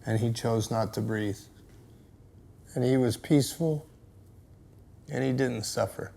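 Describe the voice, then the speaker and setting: A man in his sixties, a stepfather speaking in a documentary interview, measured and reflective, with hesitant pauses. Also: medium pitch, vocal fry, mellow. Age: 60s.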